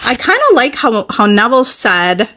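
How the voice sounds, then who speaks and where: A woman's voice: a little high, big pitch swings, moderate pace, pushed and bright. A young adult woman coach talking casually and encouragingly, often checking in with "okay?". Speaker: manifesting coach. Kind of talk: casual teaching talk.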